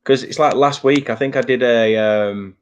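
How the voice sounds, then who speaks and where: A man's voice: medium pitch, normal speed. A man with a Northern English accent hosting a casual football prediction chat, joking and laughing through banter. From Northern England. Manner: jokey, laughs often, banter. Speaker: show host.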